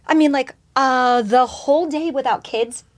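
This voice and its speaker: A woman talking as a podcast guest, telling her story in an animated, expressive way and swearing casually. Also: high-pitched, moderate pace. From United States.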